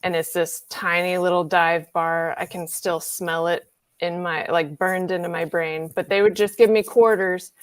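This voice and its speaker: A woman's voice: lowish voice, steady tone, moderate pace, smooth, no room sound. A woman from Illinois chatting casually as a guest on a video call, reflective and storytelling, laughing easily. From Illinois, USA. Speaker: guest singer. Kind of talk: casual chat. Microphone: remote video call.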